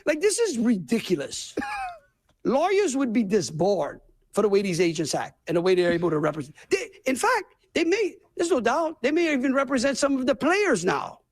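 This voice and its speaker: High, lively man with a Louisiana accent. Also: moderate pace. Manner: emphatic, rambling, folksy. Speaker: state governor. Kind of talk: press conference remarks.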